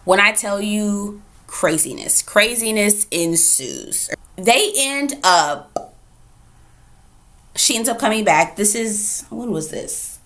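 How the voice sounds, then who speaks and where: A woman reviewing a TV episode in a casual recap, animated, acting out quotes and asides. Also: mid-range voice, slow. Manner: animated, retells scenes with voiced quotes and asides.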